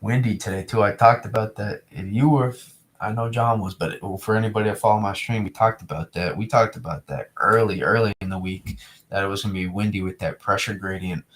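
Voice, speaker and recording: A man's voice: on the low side, steady tone, fairly quick. A young man from New England chatting casually to his live-stream viewers, rambling and repeating himself as he reads the chat. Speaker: weather streamer.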